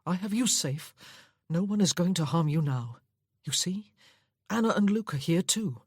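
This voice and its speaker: Woman doing a tender young nobleman, low, husky, soft, gentle, hushing, dry close audiobook sound. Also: lively intonation, normal speed, dry recording. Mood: soothing. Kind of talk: audiobook character voice.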